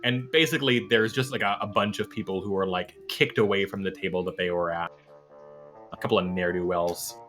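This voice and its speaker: Low-voiced man running a tabletop game. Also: brisk, soft background music. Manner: relaxed, laughing narration with filler words. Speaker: game master.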